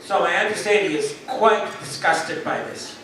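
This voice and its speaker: High-voiced man telling jokes in a hall. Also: normal speed, noisy background. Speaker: reunion speaker telling jokes. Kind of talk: joke telling to an audience. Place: large echoey hall at a reunion. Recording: echoey hall, distant mic, crowd.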